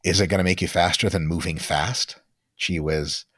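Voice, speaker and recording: A man speaking as a guest expert on a podcast, explaining training science bluntly and emphatically and sometimes swearing, in quick lecturing runs. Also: low voice, fairly even intonation, fairly bright tone, husky, no room sound, clean studio sound. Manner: blunt, emphatic, sprinkles in profanity. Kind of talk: podcast interview talk.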